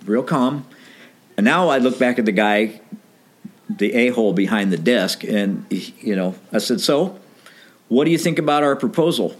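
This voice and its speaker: A man's voice: medium pitch, normal speed. A middle-aged man casually telling a story from his band days, acting out the dialogue and laughing now and then. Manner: animated anecdote with quoted dialogue, laughs often.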